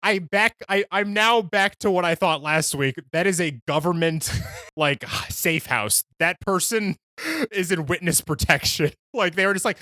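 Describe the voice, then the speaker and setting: A man's voice: high voice, measured pace, bright, forceful tone, no echo, clean studio sound. A man co-hosting a podcast in casual chat, joking and telling stories with frequent laughter. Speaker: podcast co-host.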